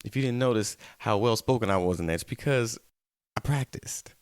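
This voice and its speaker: A man's voice: lowish voice, fast talker, clean tone, no room sound. Playful man hosting a solo web show. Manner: playful, rambling, talks straight to the viewers. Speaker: host of his own web show. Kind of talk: casual solo talk-show monologue.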